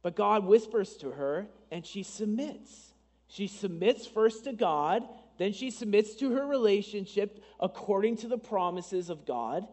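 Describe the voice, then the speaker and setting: High-voiced preaching man. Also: expressive, a little slow, darkish tone, big-room sound. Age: adult, married. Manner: conversational preaching with asides and dramatized quotes. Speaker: pastor. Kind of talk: sermon.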